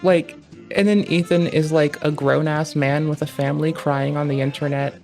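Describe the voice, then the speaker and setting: A man's voice: fairly high pitch, little pitch movement, moderate pace, gravelly, a little mellow, soft background music. A man streaming casual commentary, rambling and digressive with heavy slang and swearing. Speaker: streamer reacting to a debate.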